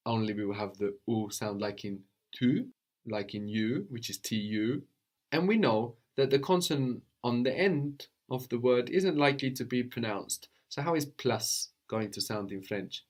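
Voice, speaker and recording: A man teaching a language lesson, patient and probing, often checking with a quick "no?". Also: medium pitch. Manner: patient, prompts with questions, tag "no?".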